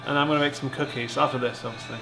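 A man's voice: mid-range voice, very fast, gravelly. A man rambling through a casual cooking vlog in a kitchen, with dry jokes as he bakes. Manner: deadpan, rambling jokey commentary. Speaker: vlogger baking cookies. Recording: echoey kitchen with music bed.

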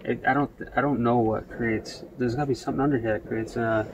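A man's voice: mid-range voice, fairly even intonation, fast, background noise. Man calling out to spirits on a ghost hunt. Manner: calls out to spirits, puzzled musing. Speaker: paranormal investigator host. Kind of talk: casual ghost-hunting chat.

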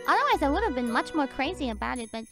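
Brief: excitable young woman streamer, very high bright voice, giggly storyteller, soft music behind. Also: rapid-fire. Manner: excitable, giggly, often repeats words. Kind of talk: casual storytelling chat.

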